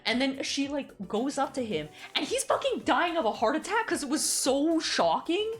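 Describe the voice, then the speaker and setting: A woman streamer chatting casually, animated and giggly, who swears freely as she retells a story. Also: high voice, moderate pace, hardly any pauses, soft background music. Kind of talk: casual chat.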